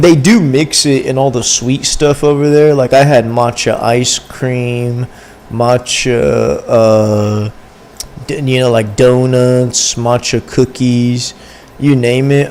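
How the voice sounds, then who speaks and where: A young man livestreams and shoots the breeze with his viewers, rambling and using plenty of slang. His voice is medium in pitch and slightly mellow.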